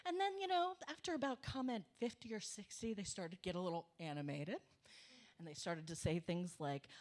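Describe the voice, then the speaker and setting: A middle-aged woman telling a comic story on a cafe stage, animated and emphatic, swearing for punch. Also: lowish voice, fairly quick. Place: small cafe stage before an audience.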